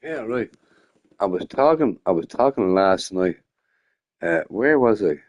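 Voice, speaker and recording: A man's voice: fairly low pitch, lively intonation, unhurried, darkish tone, dull audio. A young man chatting casually on a gaming stream, rambling, swearing freely and often breaking into laughter. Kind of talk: casual live-stream chat.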